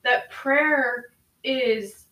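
A woman with a bright, fairly high voice talks and prays with earnest conviction, circling back over her phrases as she goes. She sits a little away from the mic in a room that rings with echo. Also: drawn-out words, far from the mic, a little hiss or hum. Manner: earnest, prayerful, repeats phrases. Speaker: podcast co-host. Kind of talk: spoken prayer and devotional talk.

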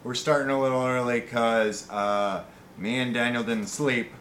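Man, comedy podcast co-host, wry asides, middle pitch, echoey room. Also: steady tone, unhurried, fairly bright tone, a little hiss or hum. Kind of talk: casual comedy podcast chat.

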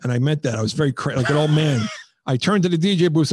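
A man's voice: a little high, quick pace, a little mellow, breathy edge, no echo. A middle-aged man hosting a comedy podcast, telling rambling self-mocking stories in casual chat on a headset mic. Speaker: podcast host.

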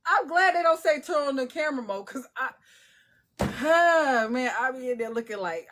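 A woman's voice: high-pitched, lively intonation, normal speed, fairly bright tone. A woman, an indie author, chatting casually and animatedly, acting out voices with laughter and salty language. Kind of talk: casual chat.

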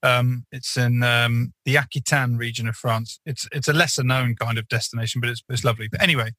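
Man, podcast co-host, bright voice, dry close sound, chatty rambling storyteller. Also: medium pitch, steady tone, a little fast, no echo, poor audio. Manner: rambling storyteller, many fillers and restarts. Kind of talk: casual chat.

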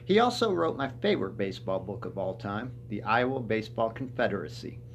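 Lively man introducing a radio play. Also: lowish voice, fairly quick, slight background noise. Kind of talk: spoken introduction.

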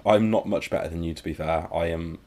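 A man's voice: sits low, fairly quick, warm tone. A man co-hosting a comic book podcast, talking casually with a wry, teasing manner. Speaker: podcast co-host. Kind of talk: casual chat.

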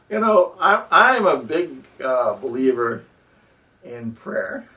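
A man speaking earnestly and casually about prayer, halting often and breaking into soft laughs. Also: fairly high pitch, very animated, distant mic. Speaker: spiritual practitioner sharing advice. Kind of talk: casual reflective talk.

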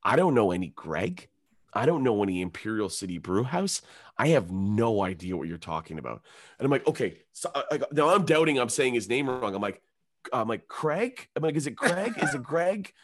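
This man's voice sits on the low side and moves briskly. A comedian guest, he spins a long, animated story in casual chat, swearing plenty and imitating the voices of the others in it.

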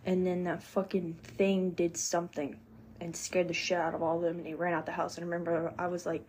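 A woman's voice: fairly low pitch, completely flat delivery, brisk, darkish tone, slight background noise. A woman co-hosting a casual chat, talking bluntly and emphatically with heavy swearing as she tells her own stories. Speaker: podcast co-host.

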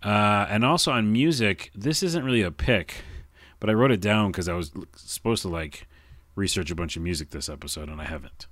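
A man's voice: fairly low pitch, fairly quick, a bit bright, no echo, clean studio sound. A man hosting his own podcast alone, chatting casually in a rambling, self-mocking way and stumbling over his words. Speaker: podcast host. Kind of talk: casual solo podcast chat.

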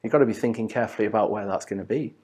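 A man's voice: on the low side, rapid-fire, darkish tone, husky. A man, chatting casually as a co-host, hedging and repeating himself as he goes. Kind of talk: casual business chat.

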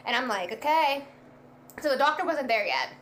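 Animated young woman, bright high voice. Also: quick pace, a little hiss or hum. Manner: animated, lots of "like", acts out quoted lines. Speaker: guest telling a birth story. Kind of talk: casual storytelling.

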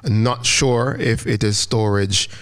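Male co-host, lower voice, relaxed explainer of wine basics. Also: slow pace. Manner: explains wine terms, gently teaching. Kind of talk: casual chat.

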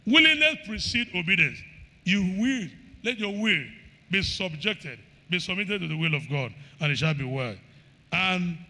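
High bright-voiced preacher in a reverberant hall. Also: male voice. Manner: call-and-response questions to the congregation; reads scripture in King James wording, rising and falling emphasis. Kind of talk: sermon.

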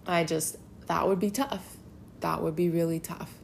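A woman's voice: lowish voice, steady tone, normal speed, gravelly, a little hiss or hum. A woman giving a casual Bible lesson. She talks in a conversational, emphatic way and leans on filler words. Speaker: Bible teacher.

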